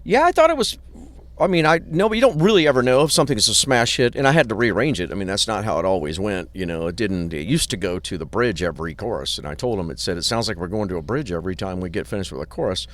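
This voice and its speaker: Low-voiced man spinning studio stories. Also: fast talker. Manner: animated anecdotes with profanity and acted quotes. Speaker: guest, record producer. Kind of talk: casual storytelling. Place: hotel parking lot.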